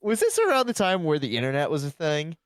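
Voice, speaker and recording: A man's voice: a little high, wildly swooping pitch, fast talker, clear, resonant tone, no echo. A man hosting a casual podcast, full of crude jokes and banter. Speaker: podcast host.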